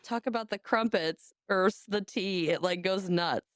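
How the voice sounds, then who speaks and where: A woman, hosting a casual podcast chat, animated, laughing often and swearing casually. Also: mid-range voice, normal speed, no room sound, clean studio sound. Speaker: podcast host.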